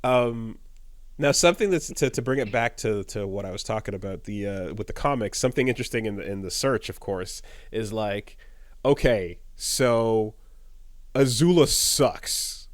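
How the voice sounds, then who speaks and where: A man's voice: lowish voice, normal speed, no room sound, clean studio sound. A man co-hosting a casual podcast chat, acting out scenes with sudden shrieks and laughter. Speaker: podcast co-host.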